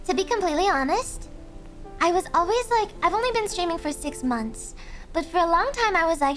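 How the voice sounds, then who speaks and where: Young woman streamer, very high soft voice, giggly, chatty, faint music underneath. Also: animated, brisk. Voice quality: high voice, speaking softly. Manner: giggly, chatty, reads chat aloud. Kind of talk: casual chat with viewers. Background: faint background music.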